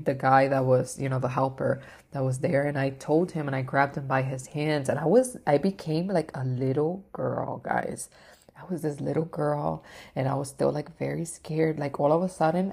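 Woman vlogger with a low voice, emotional rambling story, lots of you knows. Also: a little mellow. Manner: emotional, rambling, many fillers and swears. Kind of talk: personal storytelling.

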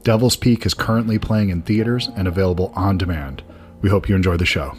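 A man's voice: sits low, a little fast. A man from Georgia with a Southern accent, hosting a film podcast and chatting eagerly, often rambling with restarts. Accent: Southern American. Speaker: podcast host. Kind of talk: conversational film interview.

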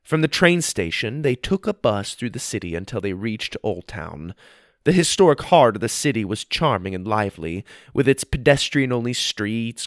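A man narrating a children's storybook in a lively, expressive way. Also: mid-range voice, no room sound, clean studio sound.

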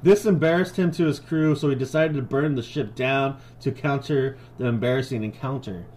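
A man's voice: medium pitch, moderate pace, a little mellow, slight background noise, poor audio. Man reading pirate history between jokes. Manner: joking, swears a lot, laughs often. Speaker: podcast co-host. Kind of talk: casual chat with history reading.

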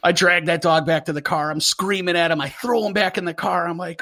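Animated storytelling man, high-pitched. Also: a little fast, creaky. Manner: animated storyteller, acts out quotes loudly. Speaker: podcast host, former police K9 handler. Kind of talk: casual storytelling chat.

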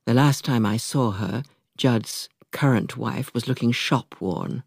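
A woman reading an audiobook as narrator, measured and dryly ironic, in a dry studio voice-over. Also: very deep voice, gravelly, a little mellow, slightly rough, no room sound. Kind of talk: scripted narration.

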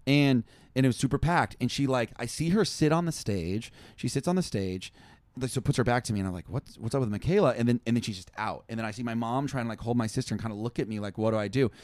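A young man telling a long, rambling story in casual chat, animated and full of fillers. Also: mid-range voice, fast talker, dry recording. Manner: animated, rambling, heavy use of "like". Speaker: touring musician, guest.

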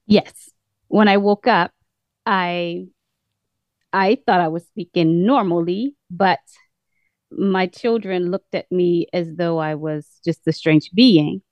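A woman speaks with a British-sounding accent, calling into a program. She talks slowly and earnestly with measured pauses. The sound is close and dry. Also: lowish voice, no room sound, muffled recording. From United States. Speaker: caller. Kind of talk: call-in testimony.

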